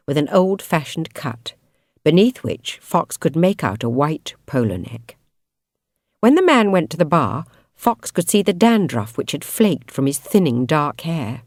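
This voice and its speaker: A woman reading a novel aloud as an audiobook narrator, in expressive, measured storytelling. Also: low voice, no echo, studio quality. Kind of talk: scripted narration.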